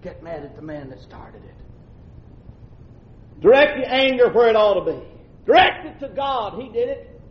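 A male pastor, preaching a sermon that swings from shouting to low asides. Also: very animated, normal speed, long pauses. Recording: roomy, dull lo-fi church recording.

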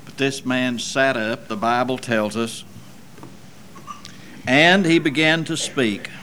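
A man preaching a sermon, swinging between loud emphatic passages and low, quiet asides. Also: a little hiss or hum. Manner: slow deliberate delivery with folksy asides.

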